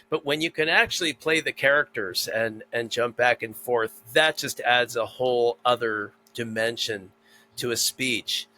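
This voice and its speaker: A man's voice: medium pitch, sharp tone, slight background noise, low-quality recording. A man hosting a podcast interview, affirming his guest and asking questions with enthusiasm. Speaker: podcast host.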